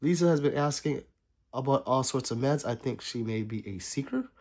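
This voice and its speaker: A man's voice: mid-range voice, normal speed, a little mellow. A man livestreaming casually, reading his chat aloud and joking back at viewers.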